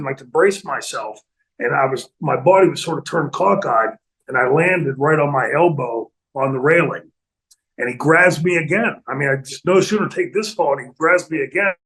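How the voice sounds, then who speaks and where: A middle-aged man casually telling stories in a studio interview, animated and laughing often, acting out other people's lines. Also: on the high side, poor audio. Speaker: retired pro wrestler guest telling stories. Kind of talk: casual storytelling in a podcast interview.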